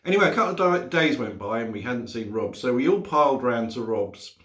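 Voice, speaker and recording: A man's voice: mid-range voice, lively intonation, brisk, fairly bright tone. Chatty man in an echoey garage. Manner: chatty, laughs often. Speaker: motorcycle vlogger. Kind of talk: casual storytelling vlog. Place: home garage.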